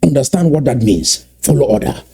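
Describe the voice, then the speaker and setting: A man giving impassioned political commentary, emphatic and repeating key points slowly for weight. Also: medium pitch, lively intonation, gravelly, warm tone, husky.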